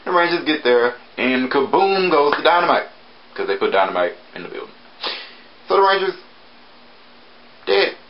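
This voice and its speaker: A man casually reviewing a TV episode, chatty with sarcastic asides and sudden jumps in pitch. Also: very animated, normal speed, pauses often, muffled recording.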